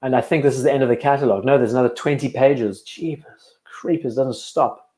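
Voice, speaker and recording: A young man whose accent mixes South African and English talks in a relaxed, rambling way as he reads out viewer comments. His voice sits at an ordinary middle pitch. He is recorded in an echoey room at home. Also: brisk. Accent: blend of South African and English. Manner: relaxed, rambling, answers chat questions between watch remarks. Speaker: watch channel host on a live stream. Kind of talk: casual live-stream chat, reading viewer comments.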